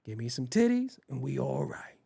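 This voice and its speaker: Gravelly, animated man ranting casually. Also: mid-range voice, normal speed. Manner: profane, rambling, animated. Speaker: host. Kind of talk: casual storytelling rant.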